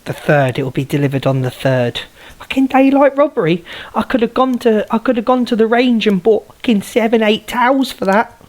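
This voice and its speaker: A woman's voice: fairly high pitch, lively intonation, fairly quick, a little mellow. A woman hosting a live stream, chatting casually, swearing freely and calling out greetings to viewers. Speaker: livestream host.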